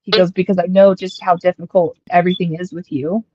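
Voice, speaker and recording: A young woman from Colorado casually telling a long personal story, rambling and quoting people in lively asides. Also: lowish voice, fairly quick, muffled recording, slight background noise. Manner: chatty, rambling, quotes others in lively asides.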